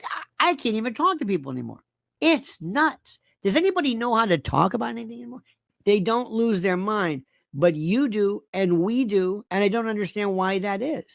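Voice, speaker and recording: Mid-pitched female panelist, emphatic and exasperated, dry recording. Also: lively intonation, moderate pace, creaky, dry recording. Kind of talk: casual live panel chat.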